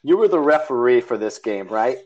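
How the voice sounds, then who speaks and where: A man hosting a casual interview, friendly and quick to laugh. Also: medium pitch, lively intonation, dull audio.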